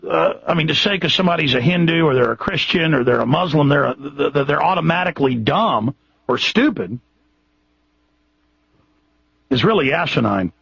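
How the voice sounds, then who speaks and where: Texan man, radio host, fairly high voice, gravelly and husky, impassioned rambling, dull dry radio sound. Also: expressive, fairly quick, a bit bright, dry recording. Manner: impassioned, rambling, frequent restarts. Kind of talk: radio monologue.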